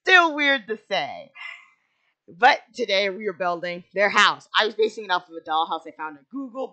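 A woman's voice: on the low side, pushed and bright. A young woman hosting a gaming video, rambling casually with lots of fillers and self-deprecating asides. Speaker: gaming channel host. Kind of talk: casual speed-build commentary.

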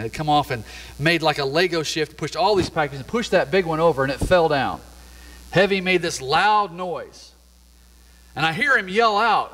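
A man's voice: on the high side, a bit bright. A middle-aged man, a pastor, preaching a sermon in a laid-back, conversational storytelling way in a church. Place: church sanctuary. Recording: long hall reverb.

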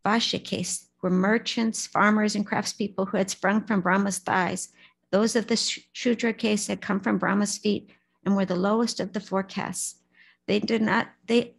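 A woman at a Buddhist service reading a story aloud in a steady, storytelling manner, sometimes stumbling on names. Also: mid-range voice, vocal fry, husky, poor audio. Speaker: lay speaker at a Buddhist service.

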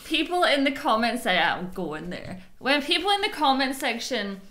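A woman's voice: high-pitched, big pitch swings, normal speed, a bit bright. A Scottish woman co-hosting a reaction video in casual chat, chatty and self-mocking, laughing often. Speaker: reaction channel co-host.

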